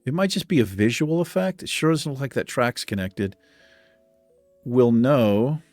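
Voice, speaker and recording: A man's voice: medium pitch, expressive, unhurried, a little mellow, dry recording, soft background music. A man hosting a gaming channel, thinking aloud and muttering in casual let's-play commentary, mildly exasperated.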